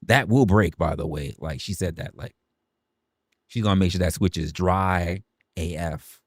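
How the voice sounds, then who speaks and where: A man's voice: sits low, a little slow, no echo, studio quality. A young man from New City, ranting animatedly and jokingly on a livestream. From New York City. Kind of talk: casual livestream rant.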